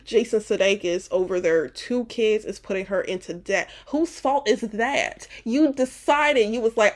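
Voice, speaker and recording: A woman's voice: mid-range voice, unhurried, few pauses. A young woman guesting on a casual pop-culture podcast, talking bluntly and playfully in slang.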